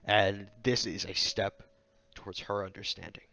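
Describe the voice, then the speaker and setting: With soft music behind him, a man with a lowish, gravelly voice talks at normal speed while reviewing a manga chapter in a casual commentary video. He's loose and thinks aloud with fillers, quoting characters in animated voices.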